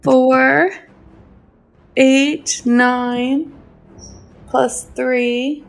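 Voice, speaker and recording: A woman's voice: high-pitched, little pitch movement, drawn-out words, gravelly, faint music behind. A woman playing in a tabletop game, chatting casually and playfully. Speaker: player. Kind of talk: casual chat.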